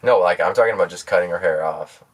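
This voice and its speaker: Low-voiced, hesitant man. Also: fast talker, recorded from a distance. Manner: hesitant and matter-of-fact, many fillers. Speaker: podcast co-host. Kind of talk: comedy podcast improv.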